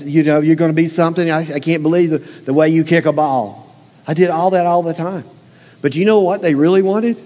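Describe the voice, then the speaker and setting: A man preaches to his congregation in a folksy, emphatic way, often pausing to put questions straight to them. His voice sits fairly high for a man. A long reverb trails off each line, the way it does in a church sanctuary. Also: a little mellow. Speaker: pastor. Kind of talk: sermon.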